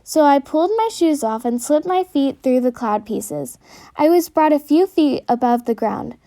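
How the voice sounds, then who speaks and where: A woman reading her own storybook aloud in an earnest, steady way. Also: high-pitched, normal speed.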